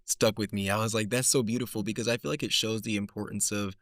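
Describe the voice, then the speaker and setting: A man's voice: fairly low pitch, steady tone, fast talker, fairly bright tone, no echo, studio quality. A man hosting an interview and responding reflectively to his guest's story. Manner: reflective, thoughtful. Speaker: podcast host.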